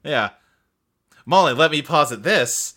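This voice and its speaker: A man's voice: fairly high pitch, expressive, unhurried, sharp tone. A man co-hosting a podcast, riffing sarcastically on a movie in casual chat and swearing freely. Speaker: podcast co-host.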